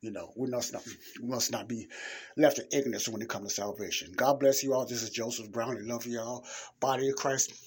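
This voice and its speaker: Husky man preaching earnestly. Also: mid-range voice, brisk. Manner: repetitive, emphatic, earnest. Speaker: podcast preacher. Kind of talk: informal preaching monologue.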